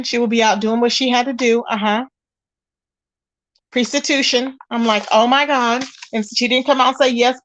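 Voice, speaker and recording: A woman hosting a casual live stream, chatting straight to her viewers and exclaiming as she goes. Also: on the high side. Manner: chatty, addresses viewers directly, exclaims often. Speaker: livestream gossip host. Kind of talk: casual live-chat commentary.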